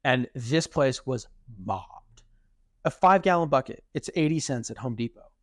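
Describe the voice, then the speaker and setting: A young man co-hosting a podcast in casual chat, animated and acting out quoted speech. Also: mid-range voice, normal speed, no echo, studio quality. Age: young adult. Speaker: podcast co-host.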